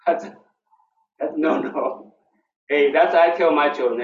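A man leading a casual Bible study as pastor, halting with fillers and restarts, asking his group questions. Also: fairly high pitch. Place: church room. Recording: roomy, distant, dull lo-fi recording with faint noise.

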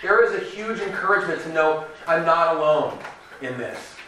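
Bright-voiced male pastor in an echoey hall. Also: on the high side, moderate pace, distant mic, slight background noise. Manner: conversational, animated, acts out quoted voices. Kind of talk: sermon.

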